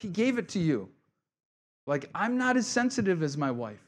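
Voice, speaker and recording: A man's voice: high voice, sing-song, normal speed. A middle-aged man, preaching a sermon as pastor in a casual, joking way with asides. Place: church sanctuary.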